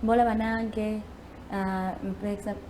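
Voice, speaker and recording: A Ugandan woman panelist in casual chat, animated and laughing often, switching between English and Luganda. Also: medium pitch, a little slow, crowd noise. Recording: echoey room.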